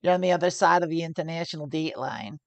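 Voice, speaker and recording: A woman's voice: low voice, fast talker, gravelly, no echo, muffled recording. A woman streaming poker, explaining each hand aloud as she plays, often restarting her sentences. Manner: thinks aloud about hands, restarts often. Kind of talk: live poker play-and-explain commentary.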